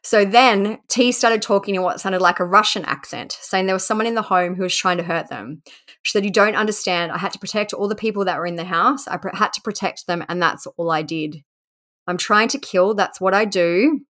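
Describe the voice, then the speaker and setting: A woman's voice: mid-range voice, brisk, fairly bright tone. A woman hosting a podcast who narrates a case in a casual way, reading quotes aloud and adding asides. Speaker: podcast host. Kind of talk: casual true-crime narration.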